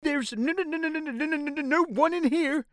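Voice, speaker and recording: A man's voice: slow pace, a bit bright, no room sound, clean studio sound, heavily acted. A man voicing a nervous, stammering friendly giant in a storybook reading. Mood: stammering scared. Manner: stammering, high squeaky timid voice.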